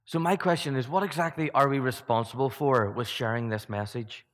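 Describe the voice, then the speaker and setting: A man's voice: medium pitch, a little fast, long reverb tail. A man preaching a sermon in a church, talking conversationally, asking many rhetorical questions and restarting his sentences.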